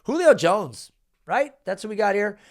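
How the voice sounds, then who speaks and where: A man recapping a fantasy football draft in an animated, exasperated rant, swearing often and jumping up in pitch. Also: normal speed.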